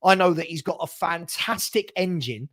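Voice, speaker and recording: On his fan channel, a man with a slightly high, somewhat bright voice and lively intonation goes off about his football club at a moderate pace. The chat is heated; he laughs often and stumbles over repeated words.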